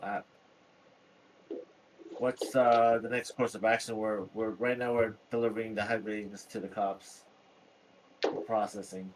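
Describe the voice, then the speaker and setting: A man's voice: fairly low pitch, level tone, a little hiss or hum, poor audio. Hesitant male tabletop player. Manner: hesitant, halting, with many fillers. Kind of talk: playing a tabletop game in character.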